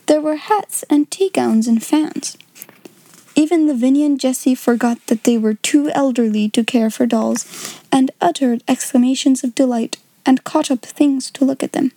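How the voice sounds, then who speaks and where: A woman reading a storybook aloud in a measured, expressive way. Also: high-pitched, dry recording.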